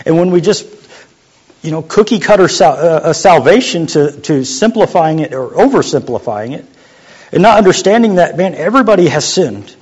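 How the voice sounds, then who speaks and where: A young adult man preaching a sermon as a youth pastor, in a conversational, joking way that sometimes drops to a quiet voice. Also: fairly high pitch, animated, moderate pace, husky. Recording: muffled lo-fi sound.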